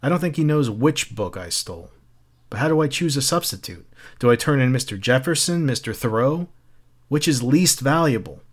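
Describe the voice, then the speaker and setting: A man's voice: mid-range voice, expressive, normal speed, natural voice. A man voicing a troubled, searching fireman who talks earnestly and urgently.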